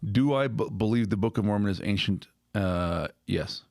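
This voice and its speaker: A man's voice: on the low side, normal speed, gravelly, darkish tone, no room sound, clean studio sound. A man hosting a podcast conversation, thinking aloud with restarts and checking in with "right?". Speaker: podcast host. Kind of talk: casual conversational discussion.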